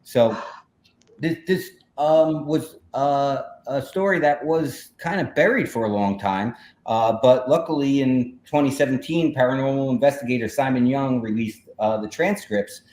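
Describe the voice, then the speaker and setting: A man's voice: mid-range voice, measured pace, a little mellow. A man casually telling a story on a livestream, rambling with many fillers while he clicks through slides. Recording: echoey room with faint noise.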